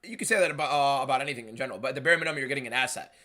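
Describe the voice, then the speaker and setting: Loud, emphatic young male streamer. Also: medium pitch, racing. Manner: emphatic and shouty, reading viewer messages aloud. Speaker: live streamer hosting a fight watchalong. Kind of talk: live stream chat and fight commentary.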